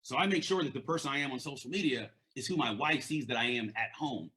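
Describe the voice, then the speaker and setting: A man's voice: mid-range voice, quick pace, bright, forceful tone. A man with a stutter giving an earnest, conversational motivational talk as a leadership and mindset coach, often repeating words.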